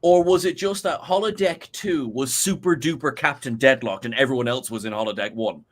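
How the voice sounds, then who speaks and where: A man's voice: medium pitch, brisk. A man with an Irish accent, a guest co-host in a casual podcast chat who rambles with many restarts and asides.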